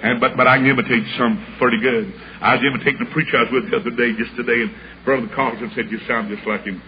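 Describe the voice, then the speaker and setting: A man's voice: medium pitch, fairly even intonation, fast. Male preacher, storytelling sermon, acts out voices, lo-fi hissy tape. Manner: folksy storyteller, acts out each voice, builds to shouts. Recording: dull lo-fi recording with clear background hiss.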